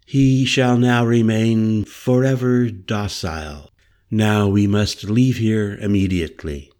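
A man's voice: on the low side, darkish tone. A man reading a firm, commanding woman. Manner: firm, measured, instructing.

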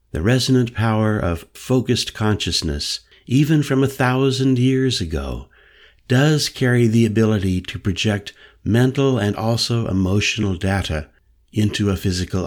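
A man reading an audiobook voices an old male mystic elder with a low, penetrating voice who lectures solemnly and insistently. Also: darkish tone. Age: older. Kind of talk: audiobook character voice.

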